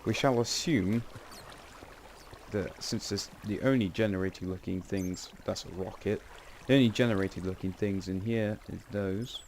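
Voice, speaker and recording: A man's voice: on the low side, moderate pace, a little mellow, slight background noise. A man giving casual, rambling gameplay commentary with wry asides and frequent self-corrections. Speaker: game channel host.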